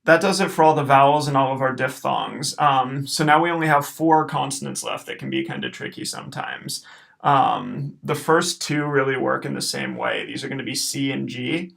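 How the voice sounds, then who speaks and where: A male teacher with a gravelly edge in his voice, giving a recorded Latin pronunciation lesson. He goes word by word, saying each one slowly and then repeating it so the learner can follow. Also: medium pitch, fairly bright tone.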